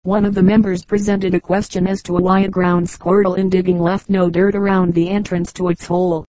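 Narrating an audiobook collection of humorous anecdotes, a woman with a lowish voice tells them in a steady, measured manner. There's no echo, and the recording is of low quality.

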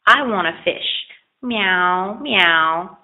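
A woman's voice: lowish voice, animated, extremely slow, full character voice. A woman voicing a sly, greedy female black cat who mews and begs with a phony purr, in a storybook reading. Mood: wheedling. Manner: wheedling, mewing, phony purr. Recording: tinny phone-like lo-fi recording.

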